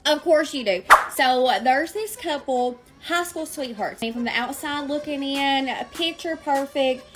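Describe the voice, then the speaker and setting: A woman's voice: high-pitched, unhurried. A young woman telling a small-town gossip story in a chatty, dramatic way, with teasing asides to the listener. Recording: music bed under the voice. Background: background music.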